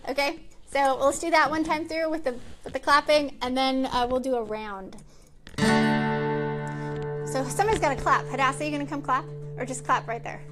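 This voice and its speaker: Woman host, high voice, chatty and upbeat, filler-heavy, small library room. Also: moderate pace, music in the background. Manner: chatty and upbeat with frequent ums and likes. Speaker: show host. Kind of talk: casual chat to a live-stream audience.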